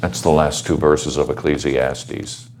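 A man's voice: a bass voice, steady tone, measured pace, a little mellow, a little hiss or hum. A man giving earnest pastoral advice to students, asking his listeners questions and telling his own story. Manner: earnest, exhorting, asks the audience questions. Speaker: panel speaker.

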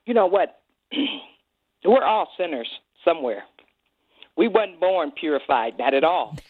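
A woman's voice: sits low, very animated, slow pace, slightly rough, no echo. A woman guest on a radio interview, speaking in an emphatic, exhorting way with church phrasing. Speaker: guest, anti-trafficking advocate. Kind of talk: radio interview on a phone line. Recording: tinny phone line.

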